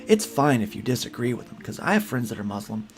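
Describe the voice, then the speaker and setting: A man's voice: medium pitch, big pitch swings, fast talker, slight background noise. A man co-hosting a casual livestream podcast, talking earnestly and rambling with frequent restarts and repeated words. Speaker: podcast co-host.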